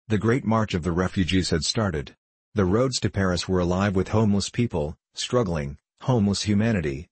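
A man narrating a storybook in a steady, solemn reading manner. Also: low-pitched, husky, no echo.

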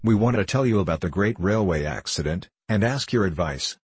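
A man reading the lines of a kindly Edwardian mother in a soft, gentle manner. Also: sits low, lively intonation, a little fast, slightly rough, no room sound, full character voice.

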